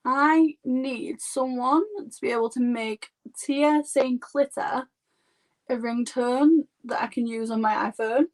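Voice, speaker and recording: Yorkshire woman in her thirties, high-pitched and slow-paced, chatty makeup artist rambling through a live stream. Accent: Yorkshire English. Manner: chatty and rambling, heavy use of "like". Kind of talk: casual live-stream chat.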